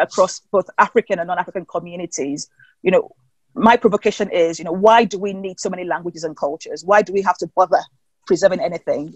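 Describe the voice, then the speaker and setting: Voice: medium pitch, husky, no echo, low-quality recording. A webinar host moderating a panel over a video call, speaking thoughtfully, with restarts and frequent affirmations.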